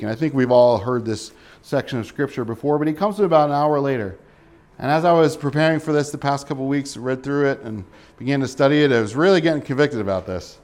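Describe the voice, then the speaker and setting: A man's voice: mid-range voice, fairly quick, darkish tone. A man in his thirties preaching a sermon in a conversational way, asking his listeners questions. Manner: conversational, asks the congregation questions. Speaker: pastor.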